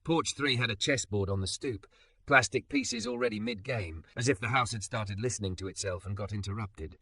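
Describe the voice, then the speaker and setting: A man narrating a scripted story in an even, measured reading. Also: lowish voice, vocal fry, dry recording.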